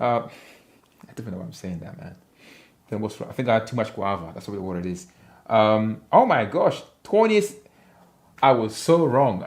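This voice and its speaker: A man from Africa chatting casually on a livestream, reading viewer comments in a playful, rambling way and laughing often. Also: mid-range voice.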